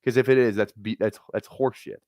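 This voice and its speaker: A man from Minnesota chatting casually on a live stream while drafting fantasy football, rambling into excitable, profane rants full of filler words. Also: fairly low pitch, fast, no echo, highs cut off. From Minnesota, USA.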